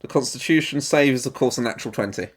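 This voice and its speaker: A man's voice: medium pitch, quick pace, slightly rough. A man, a player in a tabletop game, with a dry, upbeat manner.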